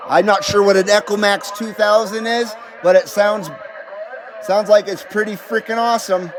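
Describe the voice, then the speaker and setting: A man's voice: high voice, fairly even intonation, moderate pace, crowd noise. A man in his fifties hosting a CB radio live stream, chatting casually and jokingly with viewers and calling out on the air. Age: 50s. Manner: laid-back, jokey, talks to viewers and calls out on air. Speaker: CB radio livestream host.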